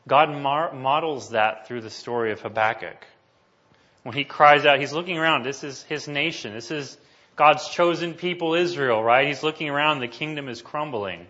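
A man's voice: medium pitch, normal speed, pushed and bright, dull audio. A man preaching a sermon, reading scripture passages aloud with rising emphasis and talking casually to the congregation between them. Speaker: pastor.

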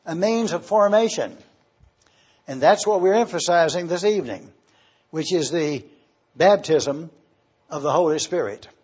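A man preaching an evening sermon, teaching slowly and spelling Greek words letter by letter. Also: sits high, a little mellow, slightly rough, dull audio. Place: church service, evening.

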